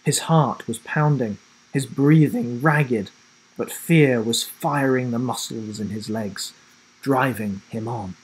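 Slow, husky man reading a story aloud. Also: low-quality recording. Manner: dramatic, dropping low and soft for suspense; self-corrects and rereads slips. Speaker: storybook reader. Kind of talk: children's story read-aloud.

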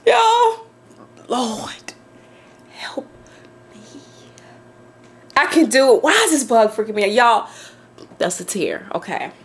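A woman's voice: medium pitch, animated, brisk, slight background noise. A woman vlogging to camera from her home office, swearing, laughing nervously and shrieking in fear. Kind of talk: casual vlog to camera.

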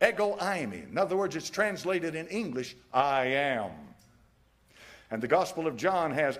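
A man's voice: fairly high pitch, animated, normal speed. A man preaching a sermon in a folksy, emphatic way, chuckling at his own jabs. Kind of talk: fiery evening sermon.

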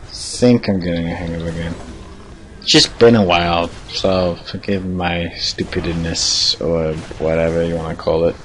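A man's voice: low voice, fairly even intonation, normal speed, fairly bright tone, a little hiss or hum. A man giving casual, rambling gameplay commentary, self-deprecating and chuckling often. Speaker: gaming video creator.

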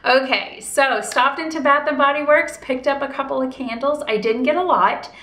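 A woman's voice: sits high, moderate pace, fairly bright tone, roomy sound. A woman vlogging casually at home by a window. She chats and tells stories with gusto, acting out the lines of the people she quotes. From United States. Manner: chatty and storytelling, acts out quoted dialogue. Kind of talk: casual vlog chat. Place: indoors at home in front of a window.

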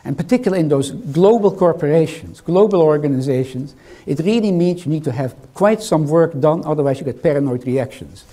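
A man's voice: on the high side, lively intonation, a little fast, hardly any pauses, mellow. An older man with a foreign accent giving a lecture in a hall, teasing and quizzing the audience as he goes. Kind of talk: interactive lecture.

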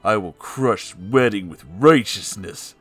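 A man voicing a macho, vengeful cartoon tomcat in a gruff, mock-heroic manner. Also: on the low side, slow, faint music behind. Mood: angry.

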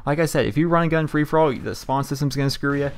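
A man's voice: a little high, quick pace. A man giving casual gameplay commentary as a video game YouTuber, chatty and rambling with lots of fillers and restarts. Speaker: gaming YouTuber.

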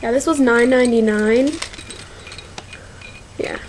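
A woman's voice: fairly high pitch, fairly even intonation, slight background noise, poor audio. A young woman in her teens rambling through a casual shopping haul video, with lots of fillers and y'all. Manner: slow, rambling, filler-heavy, says y'all. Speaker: vlogger.

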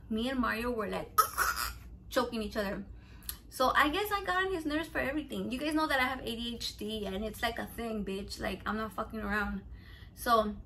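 A woman's voice: fairly high pitch, sharp tone, slight background noise. A woman in her thirties cooking at home, telling rambling, profane stories and mixing in Spanish words. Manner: rambling, profane, chatty storytelling; mixes Spanish words into English. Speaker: cooking vlogger. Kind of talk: casual cooking vlog chat.

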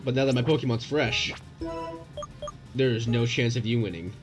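A young man commentating his own gameplay, excitable and profane, yelling at the game in bursts. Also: mid-range voice, normal speed, long pauses. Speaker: gaming YouTuber. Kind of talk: let's play commentary. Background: game music.

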